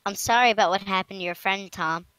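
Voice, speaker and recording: A man voicing a polite, gentle young woman through a voice changer while reading a fan story aloud. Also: sits high, quick pace, clear, resonant tone, dry recording, pitched above the performer's own voice, rough recording. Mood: concerned. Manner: gentle, concerned.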